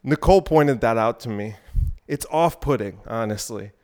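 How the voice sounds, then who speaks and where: A man's voice: medium pitch, normal speed, darkish tone. Young male podcast host, mid-range voice, crude rambling rant, mid-workout. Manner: crude, ranting, profane, with frequent asides; talking while exercising on an elliptical. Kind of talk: rambling solo podcast talk.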